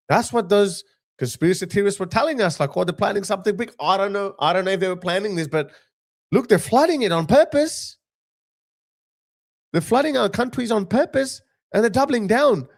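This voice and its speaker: A man in his thirties giving an opinionated live-stream monologue as a political commentator, emphatic and heated, often restarting and repeating his phrases. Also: on the high side.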